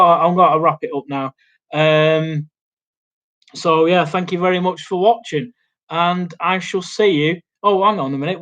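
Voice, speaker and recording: A man's voice: a little high, a bit bright, muffled recording. A young man hosting a casual live Q&A from a small home studio, rambling and hesitant, with lots of ums and restarts. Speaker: YouTube host. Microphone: laptop mic.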